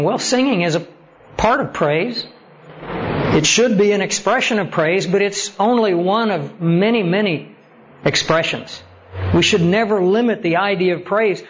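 A man preaching a sermon, telling stories and building to animated emphasis as he makes his points. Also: high-pitched, measured pace. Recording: slightly dull lo-fi sound with faint noise.

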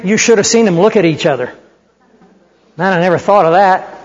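High-voiced man preaching in a reverberant hall. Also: brisk, long pauses. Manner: animated, conversational storyteller. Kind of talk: sermon with storytelling. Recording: muffled hall recording with long reverb.

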